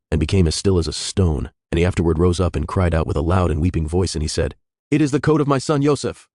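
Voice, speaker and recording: A man reading scripture aloud as scripted narration, in a steady, solemn manner. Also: low voice, no room sound, studio quality. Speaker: scripture reader.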